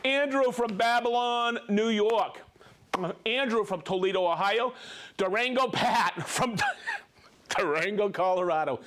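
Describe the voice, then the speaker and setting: Upbeat male livestream host, high voice, reads viewer shout-outs quickly. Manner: upbeat, rattles off names and places, stumbles on pronunciations.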